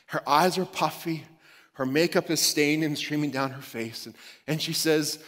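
A man's voice: fairly high pitch, normal speed, a bit bright. A man preaching a sermon as a pastor, conversational, with light humor and frequent restarts. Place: church sanctuary. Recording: long reverb of a church hall.

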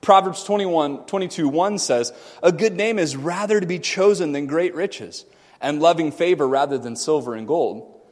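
A man preaching a sermon, swinging from loud shouting to quiet, joking asides with the congregation. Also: on the high side, moderate pace, in a large hall.

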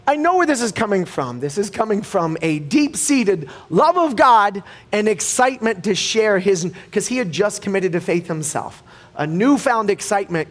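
Casual storytelling male pastor, slightly high voice. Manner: casual, anecdotal storytelling with frequent restarts; animated when telling stories. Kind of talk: conversational sermon.

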